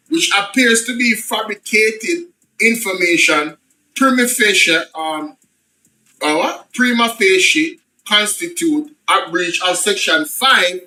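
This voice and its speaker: A man's voice: high-pitched, bright, forceful tone, poor audio. A man with a Jamaican accent reads a report aloud as a political commentator, switching between formal reading and patois asides and repeating phrases for emphasis.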